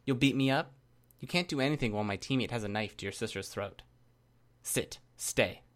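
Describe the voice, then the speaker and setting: A man's voice: medium pitch, fairly quick, fairly bright tone, close to an everyday voice. A man voicing a smug teenage girl villain who mocks and teases playfully. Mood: teasing. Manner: mocking, playful.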